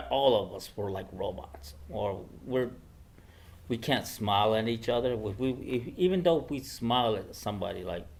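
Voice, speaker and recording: Older man telling stories, halting. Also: fairly low pitch, a little mellow. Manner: hesitant, many fillers and restarts. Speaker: guest speaker. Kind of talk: personal storytelling to a class. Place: classroom.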